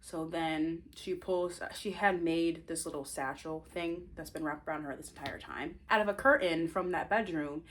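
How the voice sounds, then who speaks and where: A woman's voice: sits low, moderate pace, few pauses, slight background noise. A woman casually retelling the plot of her novel, chatty and rambling, teasing her viewers with asides. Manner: chatty and animated, rambling, self-interrupting.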